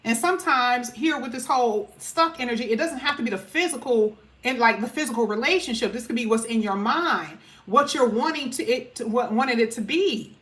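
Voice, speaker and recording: A woman's voice: fairly high pitch, lively intonation, brisk, hardly any pauses, fairly bright tone. A woman giving a casual, chatty tarot reading to her viewers, emphatic and full of casual slang. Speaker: tarot reader.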